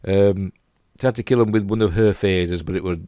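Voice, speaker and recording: Low-voiced chatty Yorkshire man. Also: fairly even intonation, fairly quick, warm tone, no room sound, clean studio sound. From England. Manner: chatty, rambling, chuckling asides. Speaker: host. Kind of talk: casual commentary on stills.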